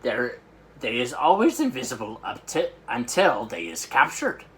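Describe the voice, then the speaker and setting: A man voicing a huge, excitable old giant who mangles his grammar and invents words, with loud outbursts. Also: mid-range voice, measured pace. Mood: explaining.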